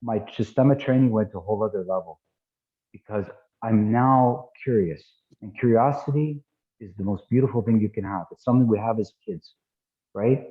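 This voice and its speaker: A man teaching martial arts in an animated, casual way over an online call, repeating himself and restarting sentences. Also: lowish voice, brisk. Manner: animated, repetitive, frequent false starts and laughs. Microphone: online video call. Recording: tinny phone-like audio.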